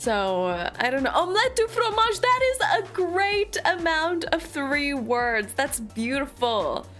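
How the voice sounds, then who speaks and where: A woman streaming a game, chatting to her viewers in a giggly, animated way. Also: high voice, slow pace, soft background music. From United States. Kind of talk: casual livestream chat.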